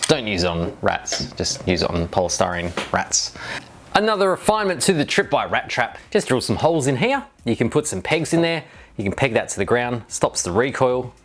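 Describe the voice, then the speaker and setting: Man, middle-aged, DIY chat, jokey, rambling, lively swooping pitch. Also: fairly quick. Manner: rambling and jokey, with wry asides. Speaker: DIY video maker. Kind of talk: casual chat reading viewer comments.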